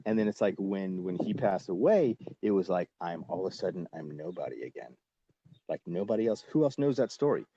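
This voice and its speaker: A man in his forties, a guest actor on a podcast, telling a casual and lively story with lots of fillers and the odd swear word. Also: low-pitched, fairly quick, dull audio, a little hiss or hum.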